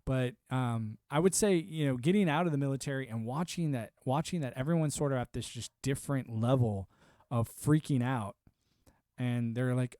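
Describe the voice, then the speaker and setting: A man's voice: on the high side, expressive, fairly quick, a little mellow, no echo, clean studio sound. A young man hosting a livestream, rambling sardonically through a casual political rant and swearing freely. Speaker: livestream host.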